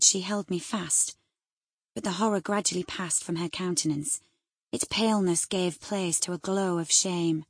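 A woman narrating a classic novel as an audiobook reader, in a measured, even storytelling manner. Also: on the low side, slightly rough, no echo, studio quality.

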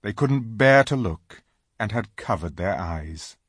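Slow, expressive male storyteller. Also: on the low side, breathy edge, dry recording, clean studio sound. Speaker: audiobook reader. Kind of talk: scripted storybook narration.

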